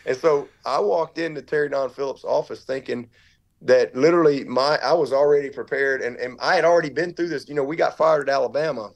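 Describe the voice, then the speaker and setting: A middle-aged man recounts a story in an interview, his words tumbling out in earnest restarts. His voice has a gravelly fry at the bottom and sits at an ordinary male pitch. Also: brisk. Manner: earnest, tumbling storyteller who acts out what others said. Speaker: football head coach, podcast guest.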